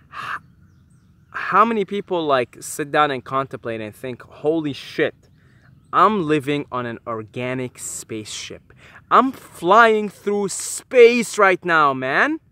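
Bright-voiced man musing, animated and profane. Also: medium pitch. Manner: animated, swearing, musing aloud with many restarts. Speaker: vlogger. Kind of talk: casual spiritual monologue.

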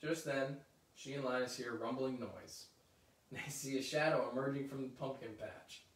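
A man reading a children's book aloud at a middle pitch, adding chatty asides as he goes. The room echoes, and he sits back from the mic. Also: normal speed. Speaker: story reader. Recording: roomy echo, mic at a distance.

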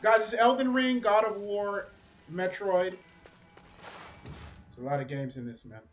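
A man doing casual, excitable gameplay commentary as a streamer, chatty and cursing at enemies. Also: high-pitched, a little slow, soft background music. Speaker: gaming streamer.

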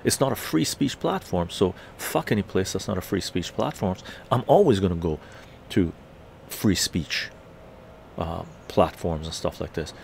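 Gravelly, profane ranting man. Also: sits low, animated, measured pace, a little hiss or hum. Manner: profane, heated storytelling. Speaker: live streamer. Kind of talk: ranting live-stream monologue.

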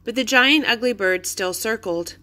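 A woman reading a children's chapter book aloud with clear, expressive storytelling. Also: a little high, normal speed. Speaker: reader.

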